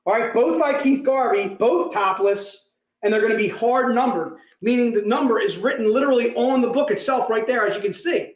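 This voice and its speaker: A man hosting a livestream and selling collectibles, talking in an excitable, joking way. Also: sits high. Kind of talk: livestream sales pitch. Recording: echoey room.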